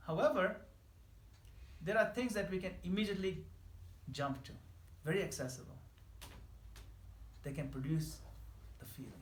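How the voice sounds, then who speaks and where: A man giving an earnest devotional class, voicing prayers in a soft pleading tone. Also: high voice, normal speed, pauses often. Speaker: spiritual teacher. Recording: echoey room with faint noise.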